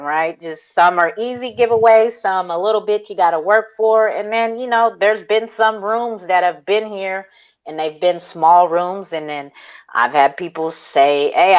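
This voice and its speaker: A man with a high-sitting voice hosts a live online audio call, and the highs in the recording are cut off. His casual chat is hyped and slangy, full of laughter and free swearing.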